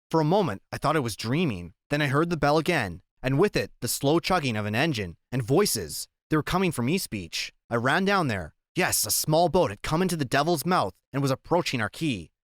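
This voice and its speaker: Lively male audiobook narrator. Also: mid-range voice, brisk, few pauses, no echo, studio quality. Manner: expressive reading, acting out shouted lines.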